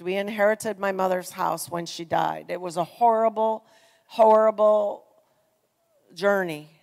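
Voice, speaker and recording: A middle-aged woman delivers a personal testimony sermon in a relaxed, conversational way, pushing some phrases out loudly and dropping others almost to a hush. Her voice has a gravelly, creaky edge. The sound carries a long reverb, as from a large church hall. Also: lowish voice. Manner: earnest, conversational, swings from loud emphasis to soft near-whispers. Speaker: church speaker.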